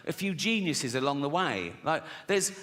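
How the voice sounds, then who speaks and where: A man's voice: on the high side, big pitch swings, moderate pace, a bit bright. A middle-aged man doing a stand-up comedy set, sardonic and sweary, laughing at his own jokes. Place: large theatre stage. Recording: live hall reverb, faint noise.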